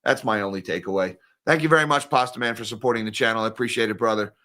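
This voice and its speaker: A man's voice: fairly low pitch, very fast, sharp tone. Blunt, sarcastic male livestream host. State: sore throat. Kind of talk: casual livestream commentary.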